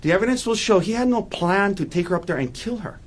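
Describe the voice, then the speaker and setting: A man's voice: high-pitched, animated, fast. A man giving a courtroom opening statement as defense attorney, emphatic and repeating key points for weight.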